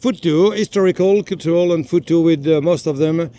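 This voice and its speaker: A man's voice: on the high side, brisk, a little hiss or hum. A man with a French accent who works as a tour guide, answering cheerfully in English. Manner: cheerful, warm about his guests. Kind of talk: interview answers.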